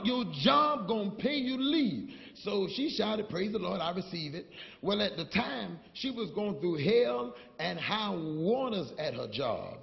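A man preaching a sermon, telling stories and building to shouted call-and-response with the congregation. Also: high voice, creaky. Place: church sanctuary. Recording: dull, long-reverb church hall recording.

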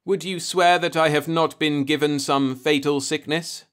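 A man's voice: fairly high pitch, steady tone, moderate pace, a bit bright, smooth, voice pushed up, natural voice. A man reading the part of a curious, insistent human envoy in an audiobook, asking pressing questions. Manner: pressing, questioning, rising to alarm.

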